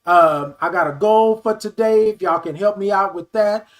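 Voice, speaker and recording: High-voiced animated man hosting a livestream. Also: moderate pace. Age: 50s. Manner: animated, affectionate, calls viewers baby and y'all. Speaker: livestream talk show host. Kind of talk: casual livestream chat reading comments.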